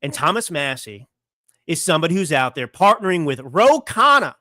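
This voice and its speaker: A young adult man rants on his political commentary show from his California home studio, a fiery monologue of indignant rhetorical questions. Bright, forceful, and a touch high, his voice has a sing-song quality at a normal pace. The audio is close and dry, with no room around it.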